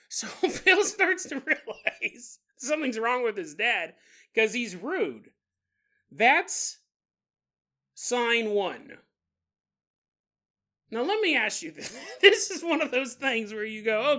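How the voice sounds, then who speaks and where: Podcast guy telling a weird story, super lively voice, bright tone, laughing a lot. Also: high voice, slow pace. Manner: animated, joking, laughs often. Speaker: podcast host. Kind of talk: comedic storytelling.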